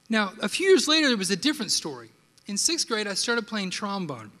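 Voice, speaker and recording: A man preaching a sermon and telling personal stories in an animated way, with frequent rhetorical asides to the congregation. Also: sits high, fairly quick. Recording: long hall reverb.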